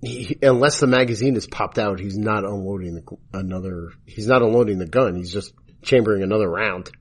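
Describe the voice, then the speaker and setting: Husky man explaining police tactics. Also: lowish voice, brisk. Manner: explains police gun handling, self-mocking. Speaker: podcast co-host. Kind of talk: casual movie commentary chat.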